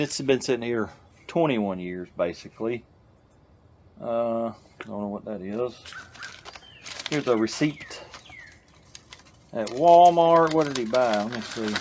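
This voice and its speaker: A man's voice: medium pitch, slight background noise. An older man with a drawl, chuckling and self-mocking, talking casually while working on an old truck, out of breath. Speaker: garage channel host. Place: outdoors by an old truck on a farm.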